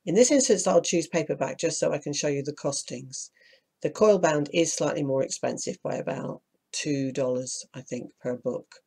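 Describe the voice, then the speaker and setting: Croaky tutorial voice. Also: medium pitch, steady tone, normal speed, darkish tone. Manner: practical, explains step by step, mild asides of annoyance. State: croaky from hay fever. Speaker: self-publishing tutor. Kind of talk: screen-recorded tutorial walkthrough.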